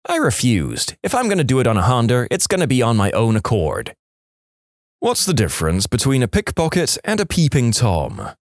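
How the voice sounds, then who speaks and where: Man reading jokes with wildly swinging pitch. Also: wildly swooping pitch, normal speed, dry recording, studio quality. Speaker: podcast host.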